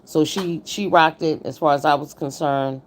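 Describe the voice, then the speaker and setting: Woman streamer, blunt, slightly low voice, chatty commentary. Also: fairly even intonation, moderate pace, a little hiss or hum. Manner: blunt, greets chat viewers by name. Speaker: livestream host reviewing a contest. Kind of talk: casual livestream commentary.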